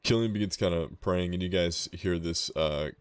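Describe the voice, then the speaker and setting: Low-voiced man running a tabletop game. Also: normal speed, clean tone, no room sound. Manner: stammering restarts. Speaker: game master.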